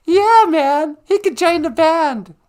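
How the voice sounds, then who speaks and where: A giddy woman sidekick with a squeaky falsetto that sits far above a normal speaking voice, put on by a man. She chirps along with excited agreement. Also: slow, full character voice.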